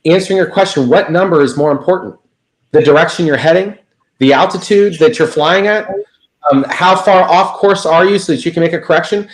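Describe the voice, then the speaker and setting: A man on a video call, a guest telling an animated story in a casual interview. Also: fairly high pitch, normal speed, roomy sound, low-quality recording. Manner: animated anecdote teller, lively quoted voices. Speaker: guest speaker.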